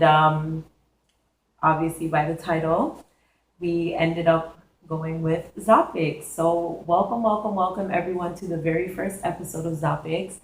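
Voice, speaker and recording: A hoarse young woman chatting casually to camera, hosting her own advice segment with a chatty, giggly manner. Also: low-pitched, roomy sound, low-quality recording. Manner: chatty, giggly, talks straight to viewers.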